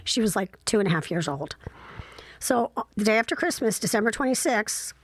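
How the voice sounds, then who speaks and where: Middle-aged mom from ohio, wry candid storytelling, dry close sound, lots of ums. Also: female voice, medium pitch, animated, brisk, no room sound. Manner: candid, reflective, wry, with frequent fillers. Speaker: mother telling personal stories. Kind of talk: casual personal storytelling.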